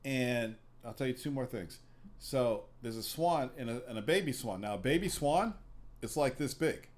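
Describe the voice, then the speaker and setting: A man's voice: medium pitch, expressive, moderate pace. Profane rambling male podcast host. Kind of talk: casual chat.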